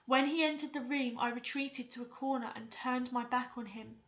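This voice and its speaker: A woman teacher reading a novel aloud with clear, expressive storytelling. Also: high-pitched, normal speed, dull audio. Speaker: English teacher.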